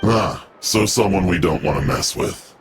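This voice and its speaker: A man's voice: low-pitched, a little slow, background noise. An actor playing a secretive, guarded male agent in a video game, talking curtly and warily. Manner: curt, wary, businesslike. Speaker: game character. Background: music.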